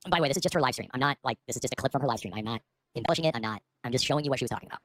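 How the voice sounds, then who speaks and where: A man's voice: mid-range voice, rapid-fire, fairly bright tone, dry recording, clean studio sound. A man hosting a casual livestream from home, rambling and playful, often restarting his sentences. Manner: rambling, playful, self-interrupting. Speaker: livestream host.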